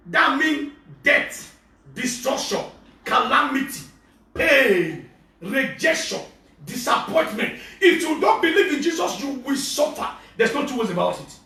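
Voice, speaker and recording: A man with a Nigerian accent preaching a fervent sermon, often shouting as he preaches. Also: very high-pitched, sing-song, unhurried. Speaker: prophet preacher. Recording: very echoey, from far off.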